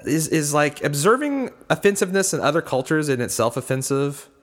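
A man's voice: a little high, animated, a little fast. Rambling man in a reverberant room. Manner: rambling, filler-heavy with frequent restarts. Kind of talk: casual chat.

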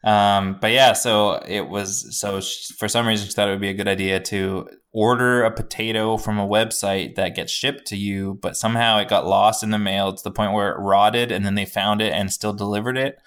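Very low-voiced man telling a story. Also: steady tone, moderate pace, hardly any pauses, a bit bright. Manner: rambling storyteller who swears freely. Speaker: podcast co-host. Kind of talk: casual chat.

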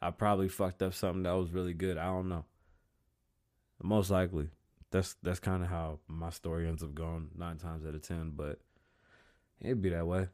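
A man with a low voice rambles through a profane monologue, sliding between English and Spanish. He sounds high, loose and unfiltered as he talks straight into the mic. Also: level tone, moderate pace, a little mellow. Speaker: podcast host. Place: studio.

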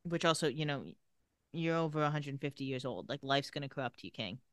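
A woman's voice: low-pitched, a little fast, no room sound, studio quality. A woman co-hosting a podcast, recapping a TV episode in casual chat, candid and sardonic, swearing freely. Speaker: podcast co-host.

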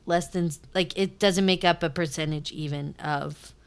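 A woman's voice: on the low side, fairly even intonation, moderate pace, smooth. A woman co-hosting a book podcast in casual chat, reacting with enthusiasm. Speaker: podcast co-host.

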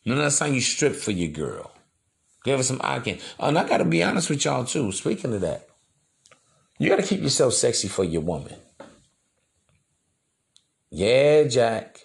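A man's voice: mid-range voice, sing-song, moderate pace, gravelly, pauses often. A man hosting a podcast, talking in a loose, slangy, preachy monologue. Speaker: podcast host. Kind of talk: casual monologue.

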